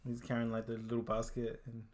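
An Australian man co-hosting a casual podcast, telling stories and teasing in a joking, deadpan way. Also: medium pitch, fast. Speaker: podcast co-host.

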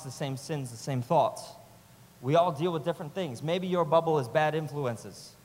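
A man preaching a sermon with passion, swinging between loud urging and quiet, close moments, using repetitive rhythmic phrasing. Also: a little high. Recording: long hall reverb.

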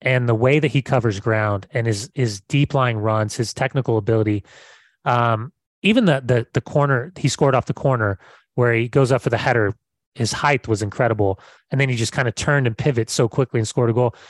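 A man's voice: medium pitch, brisk, dry recording. An American man co-hosting a soccer podcast in a casual, enthusiastic chat, often repeating words as he restarts. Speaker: podcast co-host.

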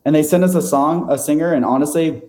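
Rambling self-deprecating man, mellow voice. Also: a little high, quick pace, roomy sound. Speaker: interview guest. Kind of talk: casual storytelling.

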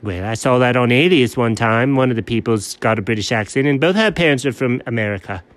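A man's voice: dry recording, natural voice. A man voicing a dreamy, self-important dog who calls himself an admiral in a comedy sketch. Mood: pompous. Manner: low, slow, grandly self-important. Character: dreamy, pompous male dog posing as a sea admiral. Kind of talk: comedic two-character sketch.

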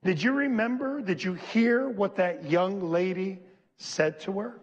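A high, husky male pastor preaches at a slow, deliberate pace, calling on the congregation to repeat lines after him and climbing to shouted peaks. His voice rings with a long church reverb. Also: expressive, highs cut off. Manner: emphatic call-and-response preaching, leading the congregation in repeating lines; slows and stresses key phrases, rising to shouts. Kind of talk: sermon.

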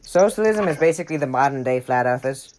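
A man's voice: mid-range voice, animated, fast talker, darkish tone, slight background noise. A man hosting a podcast in casual, joking chat, blunt and swearing freely. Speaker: podcast host.

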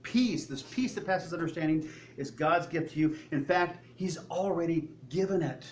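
Older male pastor, slightly raised pitch, conversational sermon delivery that acts out dialogue, faint ambient noise. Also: normal speed, a little mellow.

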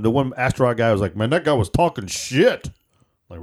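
A man, co-hosting a podcast, telling joking rideshare stories with sudden excited outbursts. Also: mid-range voice, moderate pace. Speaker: podcast co-host. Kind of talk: casual storytelling chat.

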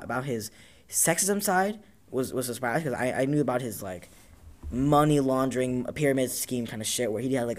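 A man from Tacoma hosting a casual talk show, telling rambling, profane stories and acting out what people said. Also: medium pitch. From Tacoma, Washington, US. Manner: rambling storyteller, profane, acts out quotes. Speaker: podcast host. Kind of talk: casual chat.

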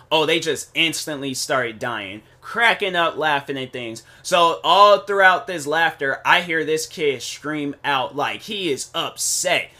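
A young man telling a long story on his podcast in a loose, meandering way, circling back again and again with "so anyways." His voice sits a little high for a man and sounds bright and forceful. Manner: rambling, with many restarts and "so anyways" asides. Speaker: podcast host. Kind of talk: casual storytelling monologue.

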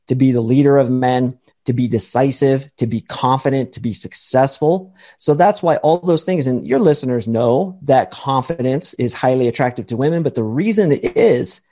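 Mellow-voiced man, emphatic dating coach. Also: mid-range voice. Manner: emphatic, lecturing, acts out quoted voices. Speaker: dating coach, podcast guest. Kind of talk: confident explanatory talk.

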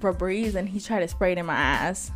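A woman's voice: fairly low pitch, a little fast, faint music behind. A woman co-hosting a casual podcast chat, telling stories full of swearing and laughter. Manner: profane, laughing storyteller. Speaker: podcast co-host.

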